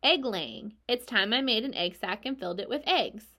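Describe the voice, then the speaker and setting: Woman voicing a calm, wise storybook spider. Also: on the high side, normal speed, full character voice. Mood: firm. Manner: matter-of-fact and firm, a bit louder than the narration. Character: grown female spider, calm, wise and self-assured.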